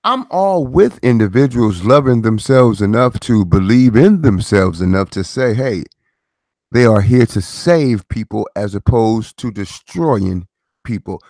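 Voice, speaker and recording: Slow, low-voiced man preaching commentary. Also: animated, darkish tone, dry recording, clean studio sound. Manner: preachy, rhetorical questions, repeats phrases. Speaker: commentary channel host. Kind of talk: casual commentary monologue.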